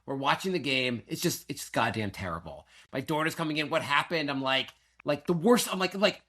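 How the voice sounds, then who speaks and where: A man's voice: medium pitch, animated, brisk, hardly any pauses, pushed and bright. A middle-aged man co-hosting a sports podcast, ranting animatedly through a story and acting out what his family said. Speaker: podcast co-host. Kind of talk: casual sports podcast chat.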